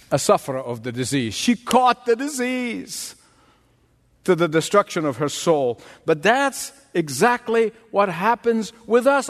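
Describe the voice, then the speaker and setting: A man preaching a sermon, emphatic and dramatic, often turning to the listeners directly. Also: high voice. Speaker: pastor. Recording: long reverb in a large hall.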